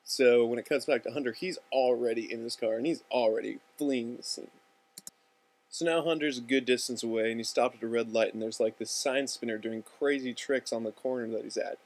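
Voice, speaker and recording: A young man walks through his unfilmed student film scene by scene, loose and slangy. His voice sits in an ordinary middle range. Now and then he bursts into loud, high-pitched character voices. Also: fairly even intonation, brisk. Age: young adult. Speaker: student filmmaker narrating a storyboard. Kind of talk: casual storytelling with acted-out dialogue.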